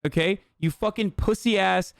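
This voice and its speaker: A man's voice: high voice, normal speed, vocal fry, smooth, dry recording. A young man streamer ranting heatedly and profanely in live-stream commentary, reading posts and mocking them.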